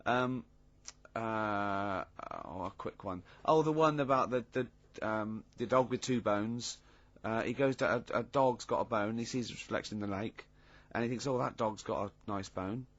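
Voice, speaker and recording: Husky-voiced man hosting, halting banter. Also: on the low side, no room sound, lo-fi sound. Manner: joking, halting with many restarts. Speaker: radio show host. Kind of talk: casual studio banter.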